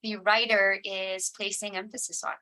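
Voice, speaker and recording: A woman co-facilitating an online workshop, adding brisk, short remarks to the host. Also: mid-range voice, level tone, pushed and bright, low-quality recording.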